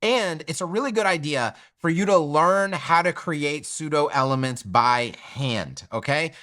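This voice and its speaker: A man's voice: fairly high pitch, animated, measured pace, sharp tone. A man teaching a web design tutorial while sharing his screen. He is upbeat and direct, often checks in with "okay?", and his voice is still affected by a recent illness.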